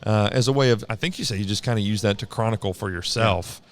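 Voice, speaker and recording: A man's voice: on the low side, quick pace. A man hosting a podcast interview in a casual, joking way, laughing often while he chats with his guest on a convention hall floor. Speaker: podcast host.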